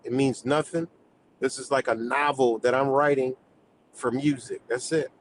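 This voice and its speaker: A livestream host with a mid-range voice and steady tone speaks at a moderate pace, launching into a heated rant full of profanity and streetwise slang and laughing between points. The audio is poor, with slight background noise.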